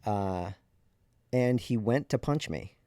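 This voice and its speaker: A man's voice: lowish voice, lively intonation, slow pace, dark tone, dry recording, studio quality. A man in his thirties, a podcast host, candidly and reflectively telling a personal story in a conversational way.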